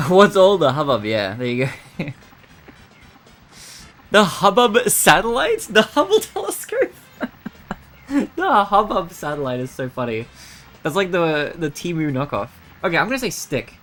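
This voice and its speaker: A streamer thinking aloud while solving word puzzles, muttering guesses and laughing often. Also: mid-range voice.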